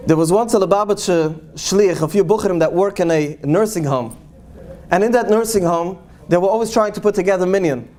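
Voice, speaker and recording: A man, a rabbi, telling stories to an audience in English, animated and acting out the people he quotes. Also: high voice, fairly quick. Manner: animated storyteller, acts out quoted voices, Yiddish-laced English. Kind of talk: storytelling talk to an audience.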